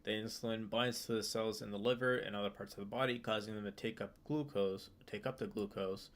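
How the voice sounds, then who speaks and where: A man's voice: on the low side, fairly even intonation, a little fast. A young man streaming his study session, reading a textbook passage aloud and explaining it casually with many fillers and restarts. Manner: reads text aloud then explains loosely with fillers and restarts. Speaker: student streamer.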